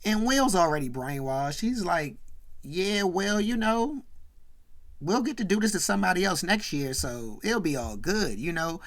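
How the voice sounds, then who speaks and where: A woman's voice: on the low side, lively intonation, measured pace. A woman hosting a show, casually recapping a sitcom episode, quoting the characters and filling her talk with "you know" and "right". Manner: retells scenes by quoting the characters' lines.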